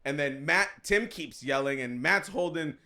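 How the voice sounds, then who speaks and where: A man's voice: on the high side, moderate pace. A man co-hosting a podcast, telling a story in casual chat, acting out what others said and often laughing. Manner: animated, acts out quotes, frequent laughter. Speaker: podcast co-host.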